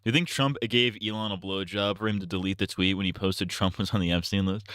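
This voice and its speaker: A man's voice: deep voice, fairly even intonation, a little fast, few pauses, a bit bright, no echo, clean studio sound. A man streaming, chatting casually and reacting to videos, rambling and swearing with a lot of laughter, at a desk mic at home.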